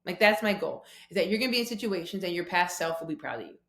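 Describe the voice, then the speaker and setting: A woman guest on a podcast, telling personal stories about conflict in a lively conversational way, acting out quoted voices. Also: lowish voice, fast, echoey room. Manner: animated storytelling with quoted voices.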